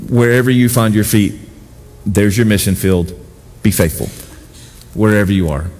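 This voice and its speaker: Low-voiced male preacher in a reverberant hall. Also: normal speed. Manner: animated, emphatic preaching with repeated exhortations. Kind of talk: sermon. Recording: long hall reverb with faint music.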